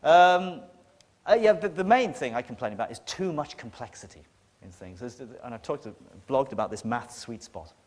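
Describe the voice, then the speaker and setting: A man's voice: mid-range voice, lively intonation, moderate pace, darkish tone. A man with a northern English accent giving a talk to an audience, blunt and emphatic, with a sardonic edge. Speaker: conference speaker. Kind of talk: lecture to an audience. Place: lecture hall with an audience. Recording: long reverb of a lecture hall.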